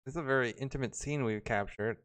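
A laid-back man hosts a live stream in a loose, casual way, laughing easily between remarks. His voice is smooth and clear, sitting at an ordinary middle pitch. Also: fast, fairly bright tone. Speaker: podcast host.

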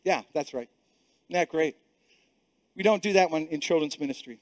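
High-voiced emphatic man preaching. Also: normal speed, dry recording. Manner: emphatic, repeats words, many restarts. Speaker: pastor. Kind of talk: sermon.

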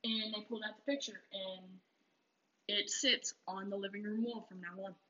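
A man's voice: high voice, steady tone, normal speed, bright, forceful tone. A man telling a story in casual chat, hesitant, with many fillers. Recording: dull lo-fi recording.

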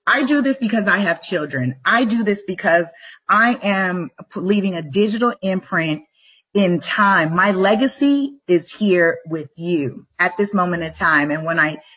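Middle-aged woman, vlog host, low-ish husky voice, emphatic and repetitive motivational delivery, slightly muffled webcam audio. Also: expressive, fairly bright tone. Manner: emphatic, repeats and slows down to stress points. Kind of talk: motivational live-stream talk.

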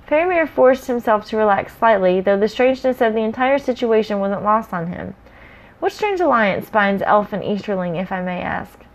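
A woman reading a story aloud in a relaxed way, with chatty asides between passages. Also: medium pitch, normal speed, rough recording. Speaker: story reader. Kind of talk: casual read-aloud of a story.

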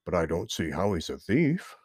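A man's voice: deep voice, very animated, darkish tone, husky, no echo, clean studio sound, voice pushed down, exaggerated voice. A man voicing a very old, wise male frog who speaks mildly and patiently in a storybook reading. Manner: mild, slow, sly.

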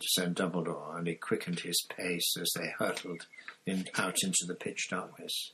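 Low, husky man narrating a story. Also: moderate pace, poor audio. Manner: steady narration with small slips and restarts. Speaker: audiobook reader.

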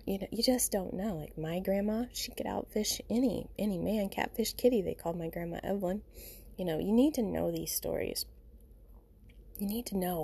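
A woman's voice: on the low side, vocal fry, dark tone, slightly rough. A woman hosting a podcast, talking in a rambling, informal and reflective way and often saying "you know" and "you guys" while recording at home. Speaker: podcast host. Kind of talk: casual reflective monologue.

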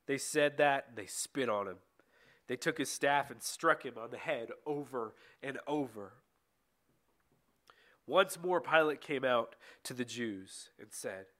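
A man reads a bible passage aloud, steady and unhurried, now and then stumbling over a word and restarting. His voice sits a little on the high side. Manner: steady reading with occasional slips and restarts. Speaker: scripture reader.

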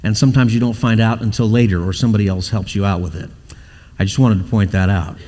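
A man's voice: on the low side, steady tone, fast, darkish tone, in a large hall. A male pastor preaching a sermon, telling stories and acting out the quoted voices in them.

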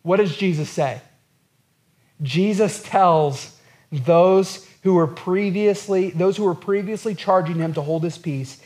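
A man's voice: sits high, unhurried, darkish tone. A man preaching a sermon as pastor, earnest and repetitive, acting out quotes from scripture.

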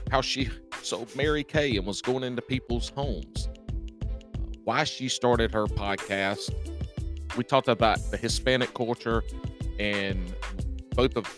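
A man with a Southern US drawl hosting a podcast in casual chat, folksy and self-deprecating with easy jokes. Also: mid-range voice. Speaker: podcast host.

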